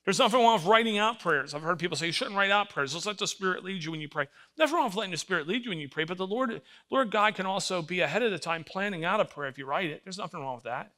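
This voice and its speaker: Older male pastor, animated sermon, bright high voice. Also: quick pace, hardly any pauses. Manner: animated storytelling, acts out voices, emphatic.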